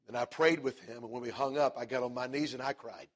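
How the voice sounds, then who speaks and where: Husky middle-aged man preaching a story. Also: mid-range voice, steady tone, fast, hardly any pauses. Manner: swings from hushed to loud emphatic preaching. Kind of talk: sermon storytelling.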